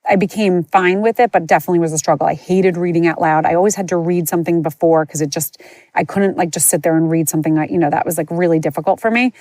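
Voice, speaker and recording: A woman hosting a podcast tells her own story in a candid, chatty way, with plenty of "like" and "you know." Her voice sits a little low. The recording is dry and close, with no room sound. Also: quick pace, a little mellow, no echo. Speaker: podcast host. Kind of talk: personal storytelling.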